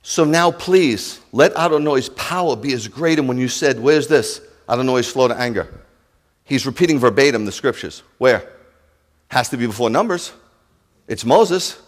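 A male rabbi preaching a sermon to his congregation, impassioned, swinging from loud declarations to hushed asides. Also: mid-range voice, lively intonation, normal speed, in a large hall. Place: congregation sanctuary.

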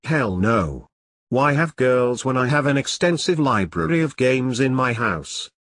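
A man's voice: medium pitch, normal speed, fairly bright tone, no echo. A man in a scripted comedy sketch, ranting and boasting with constant swearing. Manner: foul-mouthed, ranting, boastful. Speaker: comedic host playing an angry game collector.

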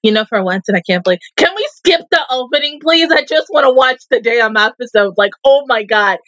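High-voiced exasperated woman ranting. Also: animated, brisk, a bit bright, no echo, dull audio. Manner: exasperated, swearing, laughing rants. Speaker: anime reaction host. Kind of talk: casual reaction commentary.

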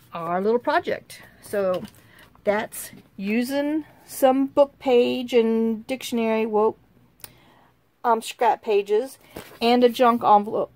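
She hosts a crafting channel and leads a casual tutorial in a medium-pitched voice. Chatty and rambling, she thinks aloud and often slips into quiet muttering to herself mid-task.

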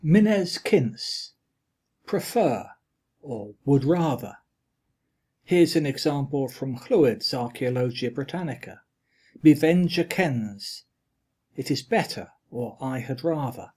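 A man reading a linguistics lecture aloud, with a deliberate, measured delivery of quoted examples and their glosses. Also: mid-range voice, lively intonation, a little mellow, husky.

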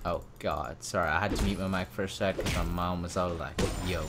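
A young man giving casual gameplay commentary, excitable and prone to loud shouts and cursing. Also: low voice, a little fast. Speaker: gamer. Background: game music.

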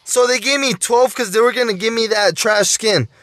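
A mobile gaming YouTuber with a high-pitched, slightly bright voice talks at normal speed over gameplay as he opens loot boxes, with no echo. He pleads for luck and keeps calling out to his viewers, repeating "guys" and "oh my dude."

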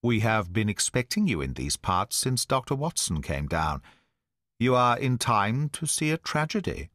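A brisk, commanding male detective, read by a man in an audiobook, pressing his deductions in a crisp, urgent way. The intonation rises and falls with lively range. The recording is dry and close. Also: lowish voice, no echo. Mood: cool. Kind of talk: audiobook dialogue reading.

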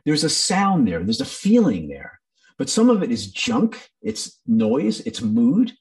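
A man's voice: fairly high pitch, huge pitch swings, measured pace, darkish tone, recorded from a distance. A man teaching a training session in a conversational way, with many ums and acted-out quotes. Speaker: workshop presenter.

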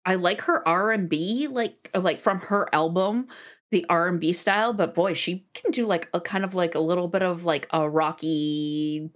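A woman's voice: fairly low pitch, normal speed. A woman hosting a music reaction video, talking casually and exclaiming and swearing in surprise. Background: faint music playing.

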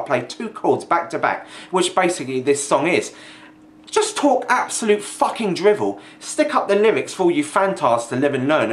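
A young man ranting angrily in a vlog, sweary and mocking, sounding exasperated. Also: on the high side. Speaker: video ranter. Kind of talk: angry vlog rant.

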